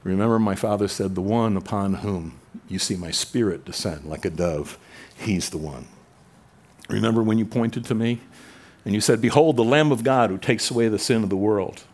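A man preaching a conversational sermon, asking the crowd rhetorical questions and dropping his voice low when quoting scripture. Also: normal speed, darkish tone. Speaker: pastor. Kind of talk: expository sermon.

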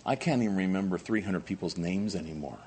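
A man preaching a sermon as pastor, animated, moving from quiet asides to loud emphatic questions. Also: low-pitched, fast talker, a little hiss or hum.

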